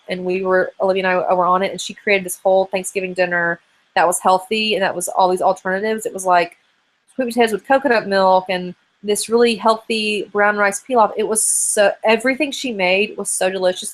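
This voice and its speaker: A woman in her thirties hosting a live online hangout, chatting casually and rambling as she answers viewer questions. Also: mid-range voice. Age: 30s. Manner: chatty and rambling, many fillers. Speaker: host of a live video hangout.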